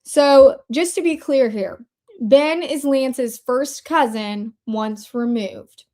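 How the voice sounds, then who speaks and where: A woman hosting a casual commentary show, talking chattily with sarcastic asides and quick shifts between fast and slow delivery. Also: high-pitched, darkish tone. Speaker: host. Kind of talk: casual commentary over screen shares.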